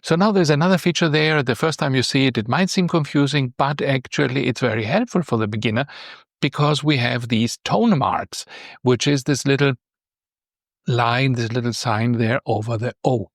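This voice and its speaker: A man teaches a beginner language lesson, patiently explaining things step by step and raising his pitch on the key points. He speaks at a normal speed, and the sound is dry and studio-clean.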